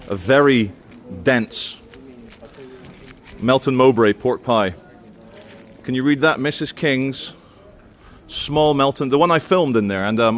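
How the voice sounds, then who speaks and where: A man talking casually to camera as he walks around and tries food, rambling along with plenty of fillers. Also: medium pitch. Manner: chatty, rambling with many fillers. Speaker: travel vlogger. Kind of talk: casual walking vlog commentary. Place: indoor shopping centre, then outdoor bench. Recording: faint background noise.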